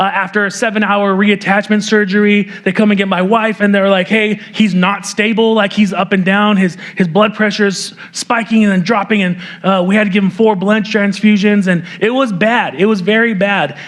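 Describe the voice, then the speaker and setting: In a church sanctuary, a male pastor shares an earnest personal testimony during his sermon. His voice sits high with a fairly bright tone, and he laughs lightly and restarts his sentences often.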